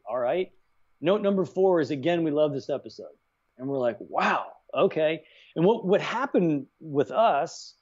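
Middle-aged guy telling showbiz stories in an interview, acts out the quotes, kinda muffled lo-fi sound. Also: on the high side. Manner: animated, acts out quoted dialogue. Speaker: writer-director guest. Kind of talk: casual interview storytelling. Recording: dull lo-fi sound.

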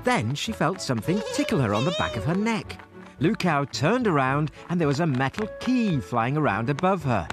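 A gentle, expressive storyteller narrating a children's cartoon story. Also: medium pitch, moderate pace. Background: music.

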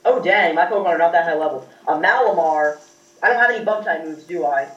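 A man giving casual let's-play commentary, rambling between his turns and bursting out loudly when things go wrong or right. He sounds set back from the microphone, in a roomy space that echoes. The recording is a little dull. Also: a little high, fast. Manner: excitable, rambling, loud outbursts. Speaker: gaming YouTuber. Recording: echoey, distant, dull mic.

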